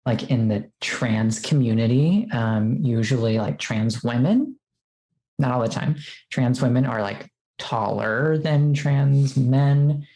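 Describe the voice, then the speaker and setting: A woman with a rumbling low, warm voice speaks slowly as a podcast guest, sharing a personal story in casual conversation. She's chatty, fills her speech with "like," and quotes what she said; the recording is echoey and low quality.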